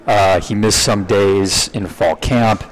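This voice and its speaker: A man co-hosting a casual sports podcast, talking through football analysis in a measured, dry way with the odd joke. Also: fairly low pitch, poor audio. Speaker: podcast co-host. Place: live event space with audience.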